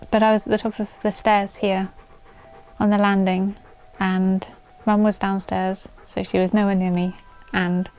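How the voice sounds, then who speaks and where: A woman's voice: medium pitch, a little mellow. Chatty woman reading spooky stories. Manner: chatty, breaks off to coax her dog in a sing-song voice. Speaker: channel host reading viewer stories. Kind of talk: casual storytelling vlog. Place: at home with her dog.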